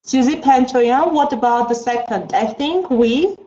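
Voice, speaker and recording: A woman teaching an English class online, slow and coaxing, with many mm-hmms. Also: high voice, warm tone. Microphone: video call. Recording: dull lo-fi video call.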